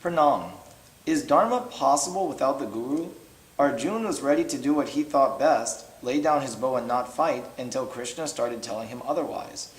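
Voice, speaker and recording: A man moderating a class, reading out questions from participants in a plain, measured way. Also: mid-range voice. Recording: echoey room with faint noise.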